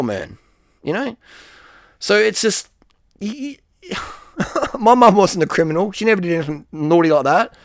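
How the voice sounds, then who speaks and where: A middle-aged man with a blunt, profane manner, giving advice in a rambling casual monologue, often trailing off on a low, quiet word. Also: sing-song, normal speed, long pauses, dry recording, clean studio sound.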